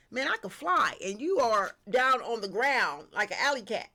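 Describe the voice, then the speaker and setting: A woman giving a casual spiritual tarot reading, lively and slangy, talking straight to her viewers. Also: on the high side, moderate pace, hardly any pauses. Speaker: tarot reader.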